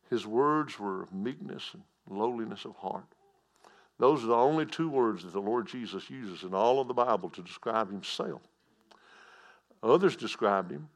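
A man preaches a sermon in a plain, folksy way, repeating his key phrases. His voice is low and gravelly. He drops to near-whispers and then climbs to loud, emphatic declarations. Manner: folksy preaching with repetition and swings from hushed to loud.

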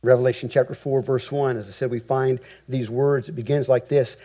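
A man preaching an expository sermon, with emphatic rhetorical repetition and deliberate phrasing. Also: mid-range voice, steady tone, dark tone, dull audio. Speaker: pastor.

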